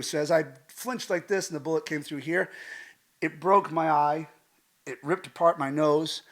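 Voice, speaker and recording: A middle-aged American man, a stunt coordinator, telling a vivid personal story with lively gestures and acted-out quotes. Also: a little high. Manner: animated, acts out quotes, swears casually.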